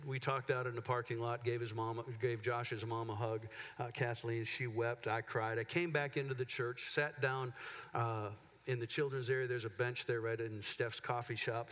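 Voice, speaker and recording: A man preaches from the pulpit, telling a personal story in a candid, halting way full of restarts. His voice sits in a middle register. The sound rings with the long reverb of a church sanctuary. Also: mid-range voice, a bit bright. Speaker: pastor. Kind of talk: sermon.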